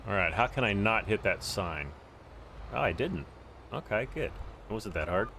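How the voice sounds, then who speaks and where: A man's voice: lowish voice, expressive, moderate pace, pushed and bright, a little hiss or hum. A man hosting a casual gameplay livestream, chatting to viewers and greeting them by name as he plays. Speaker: livestream host.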